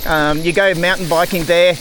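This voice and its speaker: A man's voice: a little high, fairly even intonation, moderate pace, a bit bright, a little hiss or hum. A man with an Australian accent, a cycling vlogger chatting casually to viewers and himself while riding outdoors, full of exclamations and "mate". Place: rural bush trail, outdoors.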